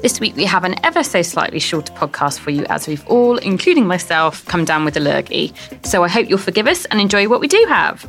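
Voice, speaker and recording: Woman, quick delivery, low-ish voice, faint music behind. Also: big pitch swings, fairly bright tone. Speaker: podcast host. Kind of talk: scripted introduction.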